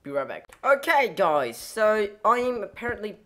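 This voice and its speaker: A woman's voice: mid-range voice, very animated, unhurried, bright, forceful tone. A woman giving casual let's-play commentary while playing, rambling and goofy, with lots of fillers and self-corrections. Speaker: gameplay commentator.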